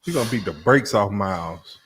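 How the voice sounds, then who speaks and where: A man's voice: lowish voice, expressive, a little fast, a bit bright, husky. A man co-hosting a casual podcast chat, teasing and joking. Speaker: podcast co-host.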